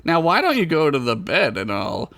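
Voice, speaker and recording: A man voicing a doting wife in a sweet, flirty falsetto while reading a comedic story aloud. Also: huge pitch swings, moderate pace, a bit bright, no echo, full character voice. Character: high-pitched doting wife of the hero.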